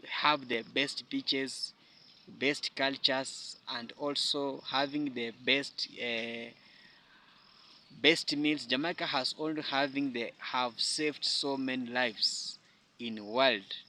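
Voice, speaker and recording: A man's voice: mid-range voice, fairly even intonation, slow, sharp tone, a little hiss or hum. A man hosting a commentary channel, speaking enthusiastically with loose grammar and frequent fillers. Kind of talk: casual commentary.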